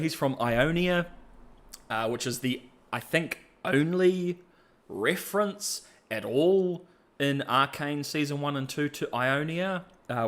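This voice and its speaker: A man's voice: mid-range voice, fairly bright tone. Chatty man with an everyday voice. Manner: rambling, chatty, self-deprecating, laughs often. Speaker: podcast host. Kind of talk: casual commentary.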